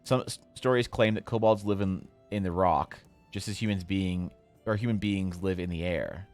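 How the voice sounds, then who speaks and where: A man streaming while he draws, chatting casually with his viewers in a jokey, mock-outraged way, with sudden loud bursts. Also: low-pitched, moderate pace, soft background music. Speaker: artist streaming while drawing. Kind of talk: casual livestream chat to viewers.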